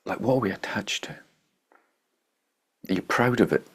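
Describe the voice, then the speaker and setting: A man's voice: lowish voice, moderate pace, a bit bright, husky. A man giving an informal spiritual talk as a meditation teacher, blunt and joking, laughing at his own points.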